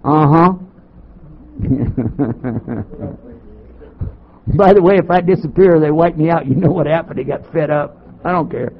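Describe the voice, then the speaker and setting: An older man from Texas, a Muslim chaplain, preaching to an audience with sarcastic, animated storytelling and rhetorical questions. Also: on the high side, measured pace, long pauses, husky. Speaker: Muslim chaplain giving a talk. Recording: dull lo-fi tape recording.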